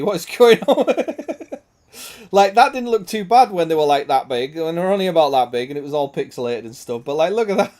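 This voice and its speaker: This young man's voice is a little high and slightly mellow as he streams a game. He chats casually and crudely about the gameplay, swearing a lot and laughing often.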